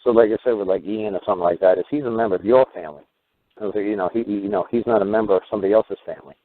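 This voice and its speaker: A man hosting a call-in radio show, talking in a rambling way and acting out little dialogues with sudden jumps in pitch. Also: racing. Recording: tinny phone-like radio audio.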